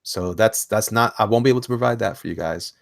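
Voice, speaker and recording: A man hosting a casual online chat about indie comics, excitable and rambling, laughing often. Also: lowish voice, fast, vocal fry, no echo, studio quality. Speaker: host.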